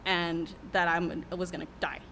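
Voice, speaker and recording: A woman's voice: lowish voice, little pitch movement, moderate pace, fairly bright tone, slight background noise. A young adult woman, a worship leader who is a podcast guest, telling a candid, emotional story with many fillers in a casual interview.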